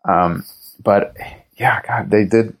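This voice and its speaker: A man speaks in a fairly low register as an interview guest. He talks casually and enthusiastically, circling his thoughts with fillers and restarts. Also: steady tone, slow pace, vocal fry, husky. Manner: rambling, lots of fillers and restarts; enthusiastic fan talk. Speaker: guest writer and TV producer.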